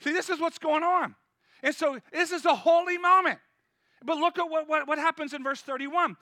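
High-voiced, bright male preacher. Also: moderate pace, no echo, studio quality. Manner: energetic, conversational preaching that urges the crowd on. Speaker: pastor. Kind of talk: sermon.

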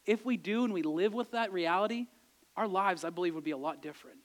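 High-voiced earnest man preaching. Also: quick pace. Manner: earnest, builds to emphatic rising passages, then drops soft. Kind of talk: sermon retelling scripture.

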